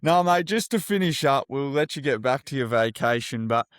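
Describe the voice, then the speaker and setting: An Australian man hosting an interview, enthusiastic and lively with his guest. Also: medium pitch, moderate pace, no echo, studio quality. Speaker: podcast host. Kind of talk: upbeat interview.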